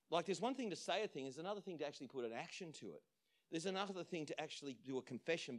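Animated male pastor preaching. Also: fairly high pitch. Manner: animated storytelling, acts out quotes, laughs often. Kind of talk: sermon with personal story.

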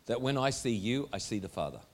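A man's voice: mid-range voice, big pitch swings, fairly quick. Emphatic male preacher asking rhetorical questions. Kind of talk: sermon. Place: church hall before a congregation.

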